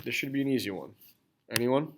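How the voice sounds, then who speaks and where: Here the Spanish teacher has a mid-range, animated voice and talks a little fast, with slight background noise. He explains grammar step by step in a classroom lesson with screen typing, spelling out endings and repeatedly checking in with "all right?"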